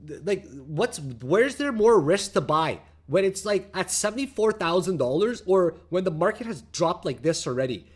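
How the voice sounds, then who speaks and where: A man hosting a crypto trading channel, giving crude, profane market commentary that swings between mocking rants at his viewers and calmer chart explanations. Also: moderate pace, hardly any pauses, slightly rough. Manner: brash and crude, shouting and laughing at viewers; calmer, lower explanatory tone while reading charts.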